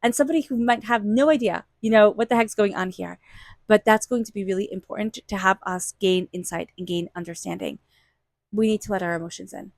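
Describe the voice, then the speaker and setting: A woman's voice: medium pitch, fairly quick, creaky, darkish tone, no echo. A woman giving a casual, reassuring tarot reading, repeating phrases for emphasis. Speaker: tarot reader.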